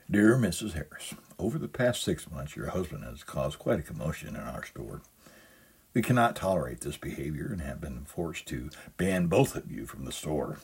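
Very deep, husky male pastor. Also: a little mellow. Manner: humorous storytelling, chuckles at own jokes. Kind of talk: sermon with a humorous reading.

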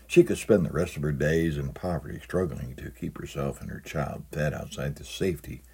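A man's voice: very deep voice, normal speed, vocal fry, warm tone, husky. A man preaching a sermon, reading out a humorous letter in a storytelling manner before turning to scripture. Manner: humorous storytelling, chuckles at own jokes. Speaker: pastor.

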